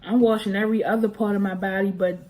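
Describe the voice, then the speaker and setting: Young woman, casual storyteller, animated, mellow voice. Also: medium pitch, fast talker, rough recording. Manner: animated, expressive, talks with her hands. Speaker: vlogger.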